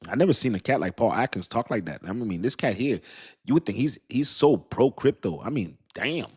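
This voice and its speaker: A man hosting a live stream, chatting loosely and animatedly in heavy slang. He laughs often and talks straight to his viewers. His voice sits at an ordinary male pitch. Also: animated, brisk, a little mellow, husky. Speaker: crypto livestream host. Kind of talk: casual livestream commentary.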